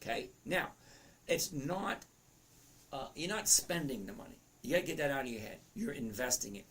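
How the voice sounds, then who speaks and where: A man's voice: medium pitch, big pitch swings, moderate pace, fairly bright tone. A man in his fifties with a cracking voice, chatting through a live trading lesson and reading viewer comments aloud. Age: 50s. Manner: chatty, reads comments aloud, self-interrupting. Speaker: trading educator.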